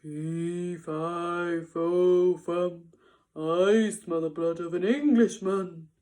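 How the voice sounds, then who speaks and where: A woman voicing a huge, angry, hungry male giant in a storybook reading, booming and threatening. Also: fairly even intonation, drawn-out words, mellow. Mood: menacing.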